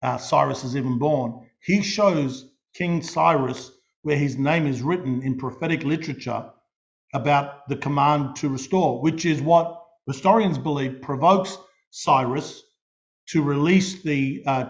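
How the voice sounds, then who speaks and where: A middle-aged Australian pastor delivers a sermon in a fairly high, gravelly voice. He tells stories with animated energy, often restarting and repeating his words mid-sentence. The recording sounds dull and lo-fi. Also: measured pace.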